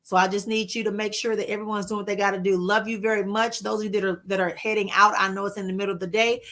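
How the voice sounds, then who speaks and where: Bright-voiced woman hosting a livestream. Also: medium pitch, flat delivery. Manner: warm, reassuring, addresses viewers as "my love" and "honey"; drawn-out soothing repetitions. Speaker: spiritual livestream host. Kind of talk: casual livestream chat with viewers.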